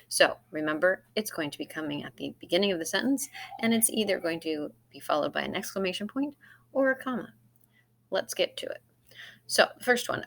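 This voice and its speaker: A woman's voice: fairly low pitch, expressive, moderate pace, fairly bright tone. A middle-aged woman teacher giving a recorded grammar lesson over slides, explaining step by step in a friendly way. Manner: friendly, explaining step by step with acted example lines.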